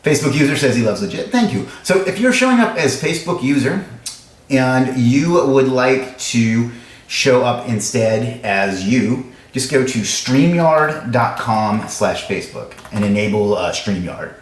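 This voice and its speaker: A man hosting a live stream, chatting casually with viewers in a fast, joking, self-mocking way, in a room with echo. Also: mid-range voice, animated. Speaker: livestream host. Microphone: livestream camera setup. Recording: echoey room sound.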